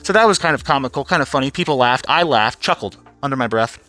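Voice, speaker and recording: Casual vlogger, man, rambling profane recap, bright tone, faint music under. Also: mid-range voice, expressive, quick pace. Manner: profane, rambling, laughs often, mimics people.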